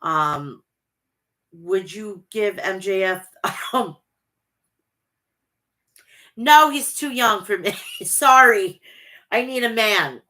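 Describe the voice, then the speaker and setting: A woman's voice: medium pitch, lively intonation, drawn-out words, long pauses, sharp tone. A young woman with a Long Island accent hosting a casual wrestling chat, blunt and brash, often laughing. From Long Island, New York. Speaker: wrestling podcast host. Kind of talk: casual livestream chat reading wrestling promos.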